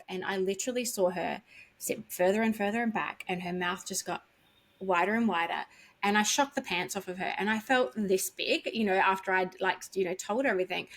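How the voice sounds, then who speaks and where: A woman's voice: medium pitch, a bit bright. A woman hosting a podcast, chatting earnestly and reassuringly with her guest. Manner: earnest, reassuring, many fillers. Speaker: podcast host. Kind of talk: conversational interview chat.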